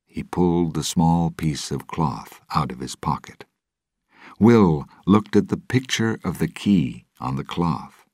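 A man reading a chapter book aloud in a measured, deliberate storybook narration. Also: very deep voice, expressive, a little mellow, no echo, clean studio sound.

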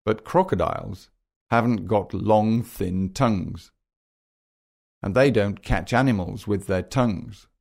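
A man voicing a calm, wise mother giraffe in a gentle storybook reading. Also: fairly low pitch, slow pace, vocal fry, exaggerated voice. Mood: explaining.

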